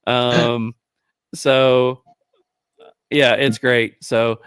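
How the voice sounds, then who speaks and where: A man's voice: medium pitch, flat delivery, drawn-out words, a bit bright, clear, resonant tone, dry recording. A man hosting a casual podcast, wrapping up the episode in a rambling, affectionate, joking way. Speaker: podcast host. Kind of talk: casual chat.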